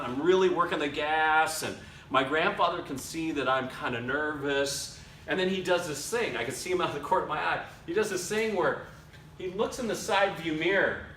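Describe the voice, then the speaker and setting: A young man speaking to a men's ministry dinner conference, telling a personal story in an animated way and acting out other people's lines. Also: high-pitched, a little hiss or hum. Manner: animated, acts out his grandfather's lines. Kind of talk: storytelling talk to an audience. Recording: echoey hall, slightly distant mic.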